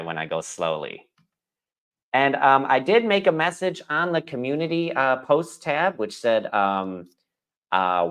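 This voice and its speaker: A man teaching a live-streamed English lesson, chatty and thinking aloud as he explains pronunciation. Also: on the low side.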